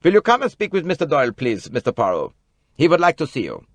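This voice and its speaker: A man reading an audiobook, voicing a brisk, reproachful doctor. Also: on the high side, wildly swooping pitch, no echo, pitched above the performer's own voice, exaggerated voice. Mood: brusque. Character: brisk brusque male ship's doctor. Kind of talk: audiobook character voice.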